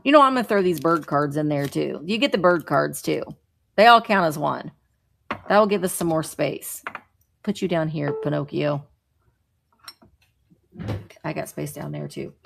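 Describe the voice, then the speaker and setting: A woman's voice: mid-range voice, gravelly, fairly bright tone. A woman selling vintage items in a live online auction, chatting playfully while she calls the lots.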